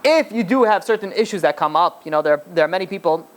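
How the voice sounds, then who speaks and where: Fast, rambling man telling a sermon story. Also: high voice, animated. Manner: rambling, full of "you know" and "right?". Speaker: rabbi.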